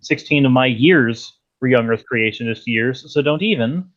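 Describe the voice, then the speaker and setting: A man's voice: mid-range voice, normal speed, a bit bright, dull audio. A man as a guest in a casual debate, speaking bluntly and emphatically.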